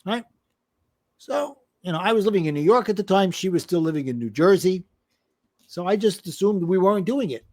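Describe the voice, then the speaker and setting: A man's voice: high-pitched, brisk. A middle-aged man, a life and business coach, telling a personal story in a podcast interview and acting out the voices of the people in it. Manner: animated, acts out quoted voices.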